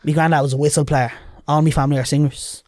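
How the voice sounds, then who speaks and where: A Dublin man chats as a podcast guest, his voice sitting a touch high. His stories come out lively and loose, with plenty of swearing. The sound is close and dry, with no room in it. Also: fast, dry recording. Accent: Dublin Irish. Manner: lively, chatty, swears freely. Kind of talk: casual storytelling.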